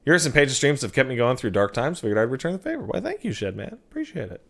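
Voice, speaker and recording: A man streaming a game, chatting casually and reading out donations with jokey, quick asides. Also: mid-range voice, big pitch swings, vocal fry, a bit bright.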